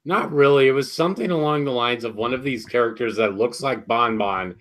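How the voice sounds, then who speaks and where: A man co-hosting a casual episode review, excitable and quick to laugh and swear. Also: medium pitch. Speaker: podcast co-host.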